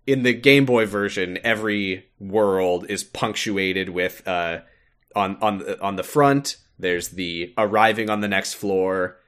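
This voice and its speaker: A man's voice: fairly low pitch, fairly bright tone. A man co-hosting a podcast, retelling a game in casual, playful chat. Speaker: podcast co-host.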